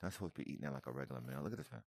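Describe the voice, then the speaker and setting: A man's voice: extremely low pitch, lively intonation, rapid-fire, darkish tone, dry recording. A man giving casual, emotional reaction commentary on video footage, repeating himself and calling the listener "man" and "brother". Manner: emotional, repetitive, addresses viewer as man and brother.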